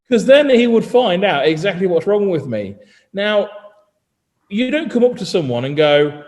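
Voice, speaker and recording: Animated man, long reverb. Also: high voice, moderate pace. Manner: animated storytelling, mimics other people. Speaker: journalist and co-host. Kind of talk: casual podcast chat.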